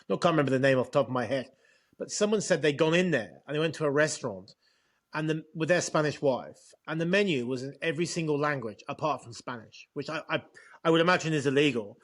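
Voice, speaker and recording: English-accented male co-host, slightly high voice, halting chat delivery. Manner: halting, repeats words often. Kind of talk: casual chat.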